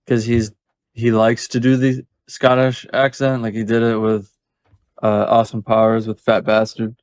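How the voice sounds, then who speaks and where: A man co-hosting a podcast in relaxed casual chat, swearing offhandedly. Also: on the low side, a little slow, dry recording, clean studio sound. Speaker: podcast co-host.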